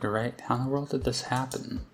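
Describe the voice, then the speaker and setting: A man reading aloud the lines of a frantic young girl who says her demonic double is hunting her, in a rushed, pleading way. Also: medium pitch, fairly even intonation, lightly acted. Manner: pleading, rushed, half-hysterical. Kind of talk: reading game dialogue aloud.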